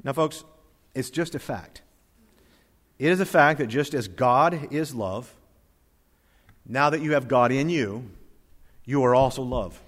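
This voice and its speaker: A man preaching a sermon, reading scripture aloud and swinging between loud emphatic lines and soft quiet ones. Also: mid-range voice, measured pace, long pauses. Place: church hall with congregation. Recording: long reverb of a hall.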